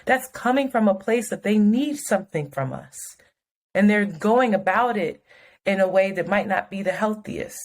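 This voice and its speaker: A woman's voice: mid-range voice, normal speed. A woman co-hosting a podcast in casual chat, telling a story frankly and with plenty of swearing. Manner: frank, profane, animated storytelling. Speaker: podcast co-host.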